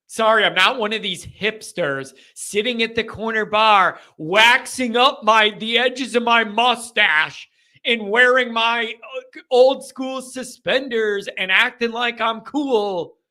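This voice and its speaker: Bright-voiced joking man hosting a live chat. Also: very high voice, takes it slowly. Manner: animated, joking, ranting. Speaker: host.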